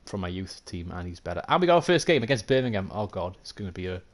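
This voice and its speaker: Welsh male streamer, lowish voice, chatty running commentary, self-deprecating asides to viewers. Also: very animated, quick pace. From Wales. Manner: thinks aloud, chatty, self-mocking, answers chat. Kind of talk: live gameplay commentary.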